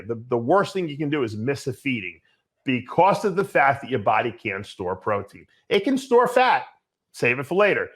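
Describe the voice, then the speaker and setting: Casting: older male host, blunt and animated, mid pitch, casual Q&A answers. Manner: blunt, animated storytelling with swearing. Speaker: bodybuilding show host.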